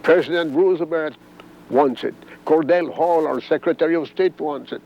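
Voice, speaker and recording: A man's voice: on the high side, moderate pace, darkish tone. An older man from Corsica recalls his past in an oral history interview. He tells it vividly and acts out the voices he quotes. The archival tape sounds dull and muffled. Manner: vivid storytelling, acting out quoted dialogue. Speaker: former congressman recalling events.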